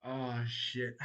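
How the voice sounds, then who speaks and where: A young man hosting a livestream, reading viewers' comments aloud and answering them in a relaxed, chatty way. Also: medium pitch, lo-fi sound. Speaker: livestream host. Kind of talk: casual chat reacting to live chat.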